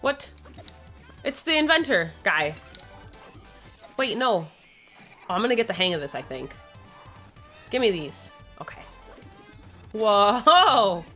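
A woman's voice: medium pitch, big pitch swings, a little slow, long pauses, fairly bright tone, faint music behind. Bubbly young woman gushing over a game. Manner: bubbly, gushing, self-deprecating. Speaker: gaming streamer. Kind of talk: casual let's-play commentary.

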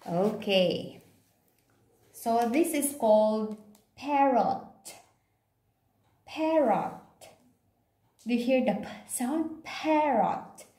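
A woman teaching a phonics lesson to young children, slowly repeating and stretching words for them to echo. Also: on the high side, dark tone, far from the mic. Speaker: kindergarten teacher. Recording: echoey room, voice from off-mic, faint hiss.

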